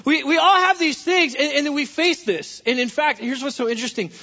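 A man preaches in a church sanctuary in a high, bright, pointed voice. He tells stories playfully and breaks in with jokes. The sound carries a long hall reverb and comes across slightly dull and lo-fi. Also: brisk. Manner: animated storytelling, humorous asides. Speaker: pastor. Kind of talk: sermon.

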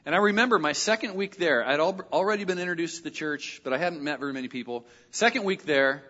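A middle-aged male pastor telling a personal story in a sermon, animated and lively when he quotes other people. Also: fairly high pitch, fast talker. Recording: dull audio with long hall reverb.

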